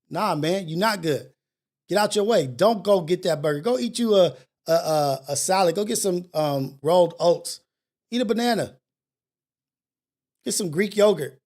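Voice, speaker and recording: A middle-aged male morning show host with a high-pitched voice. He talks bluntly and profanely, mocking himself as he pushes listeners to do better. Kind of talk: motivational monologue.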